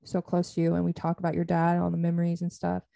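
A woman's voice: lowish voice, monotone, fast talker, dark tone, dry recording. A young adult woman co-hosting a podcast, speaking heartfelt and gushing in casual chat, full of "like" fillers. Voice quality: heartfelt, lots of "like" fillers, vocal fry. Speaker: podcast co-host.

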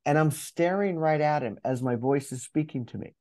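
A man who coaches and speaks in public, telling a story as an interview guest, animated and acting out his inner voice, with many restarts. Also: a little high, normal speed. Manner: animated, acts out inner dialogue.

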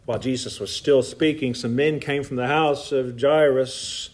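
A man with a Southern Appalachian accent, preaching a sermon in a folksy, animated way with asides to the congregation. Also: mid-range voice, normal speed. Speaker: pastor. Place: church.

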